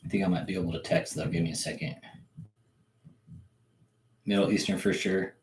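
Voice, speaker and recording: A man's voice: low-pitched, fairly even intonation, a little fast. A man hosting a livestream, chatting loosely and swearing, often laughing to himself. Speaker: livestream host. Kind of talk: casual livestream chat.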